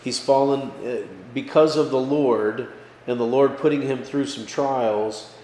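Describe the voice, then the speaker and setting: A pastor's voice at an ordinary mid pitch fills a roomy, echoing hall, with a long reverb tail behind each phrase. He teaches in a casual, chatty way, keeps asking "okay?" and "right?", and punches key words up when he wants them to land. A faint hum of background noise sits under the room. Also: a little slow. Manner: casual, checks in with listeners with frequent "okay?" and "right?"; lively, pushes his voice up for emphasis. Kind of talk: conversational Bible study teaching.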